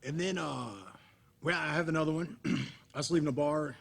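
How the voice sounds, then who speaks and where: A man's voice: a little high, steady tone, normal speed, vocal fry, fairly bright tone, husky. A man telling rambling stories in casual chat, often restarting sentences and laughing. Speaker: professional wrestler guest. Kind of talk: casual storytelling among friends.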